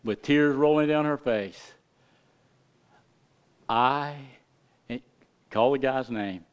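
With impassioned emphasis, a middle-aged male preacher swings his sermon between soaring, loud lines and hushed whispers. He has a clear, resonant mid-range voice, draws out his words, and pauses frequently.

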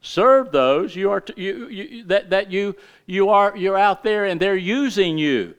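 A man's voice: high-pitched, unhurried, a bit bright, smooth. A middle-aged man preaching a sermon in a folksy, emphatic way, full of rhetorical questions. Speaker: pastor.

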